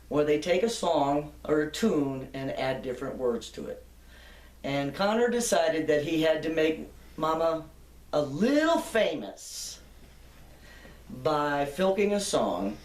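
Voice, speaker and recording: A woman's voice: deep voice, a little mellow, far from the mic. An older woman being interviewed, telling long anecdotes in a chatty, laughing way. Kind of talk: reminiscing storytelling. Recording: echoey room, off-mic.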